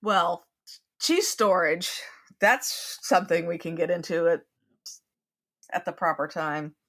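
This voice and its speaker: Her voice is fairly low in pitch, slow, and a bit bright. She co-hosts a TV recap podcast, chatting casually and laughing a lot, then reads a history segment at a steady clip.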